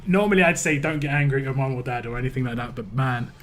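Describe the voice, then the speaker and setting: A man's voice: medium pitch, fast, a bit bright, soft background music. Laid-back English man chatting on stream. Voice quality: big, laid-back presence. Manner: rambling storytelling, frequent restarts and chuckles. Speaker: game livestreamer. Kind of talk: casual stream chat.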